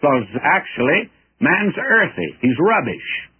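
A man's voice: on the high side, big pitch swings, takes it slowly, slightly rough. A man teaching the Bible verse by verse in a folksy, earnest, emphatic way. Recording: tinny old radio broadcast.

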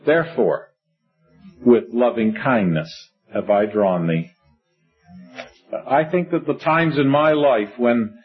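Middle-aged male preacher, husky, earnest sermon delivery, lo-fi recording. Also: mid-range voice. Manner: earnest, reads scripture in old-fashioned wording, conversational asides. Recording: dull lo-fi recording.

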